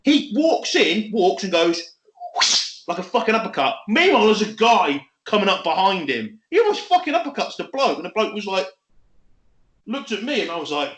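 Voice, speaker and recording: Podcast co-host, man, high lively voice, roomy echo, sweary animated rant. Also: normal speed. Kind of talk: casual chat.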